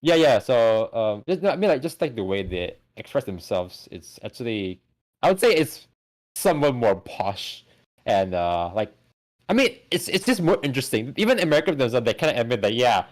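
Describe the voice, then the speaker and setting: A man co-hosting a casual movie podcast, talking in animated bursts full of stammered restarts and swearing. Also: medium pitch, moderate pace. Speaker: podcast co-host. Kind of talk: casual chat.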